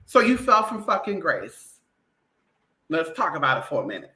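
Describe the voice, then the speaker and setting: Brash, profane, animated woman ranting. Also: low voice, normal speed, echoey room, low-quality recording. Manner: blunt, profane, animated, mimics others. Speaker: vlogger. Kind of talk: casual opinionated monologue.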